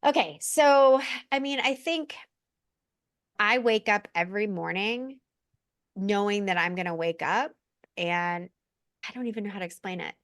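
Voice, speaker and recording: A woman guest on a podcast, talking in a heartfelt, animated way and laughing now and then. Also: medium pitch, a little slow, long pauses, no room sound, clean studio sound. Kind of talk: emotional casual chat.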